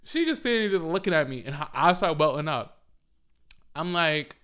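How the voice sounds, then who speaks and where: A young man tells a rambling, profane story in a casual vlog style, cracking himself up as he goes. His voice sits a little high and sounds smooth and clear. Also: moderate pace. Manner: profane, animated, laughs often. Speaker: storyteller, former after-school teacher.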